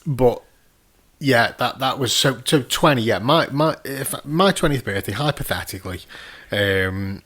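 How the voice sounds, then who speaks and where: A man's voice: medium pitch, lively intonation, unhurried, bright, forceful tone. A man, telling rambling, sweary anecdotes on a casual podcast. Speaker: podcast co-host. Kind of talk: casual chat.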